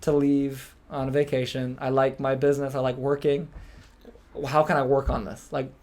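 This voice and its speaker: A young man hosting a podcast, telling a story in casual chat, acting out quotes and swearing freely. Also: mid-range voice. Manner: fast, animated, swears freely, acts out quotes. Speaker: podcast host.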